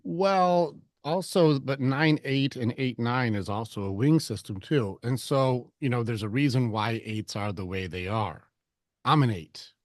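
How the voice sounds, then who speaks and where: A man's voice: mid-range voice, unhurried, no echo, clean studio sound. A man coaching another man in a conversation, blunt and given to swearing, who acts out both sides of arguments. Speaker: relationship coach.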